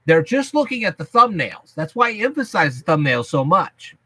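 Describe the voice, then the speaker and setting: A man's voice: a little high, big pitch swings, moderate pace, bright, forceful tone, slightly rough, no echo. A man hosting a casual vlog, explaining things to his viewers in a folksy, chatty, emphatic way. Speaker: YouTube channel host.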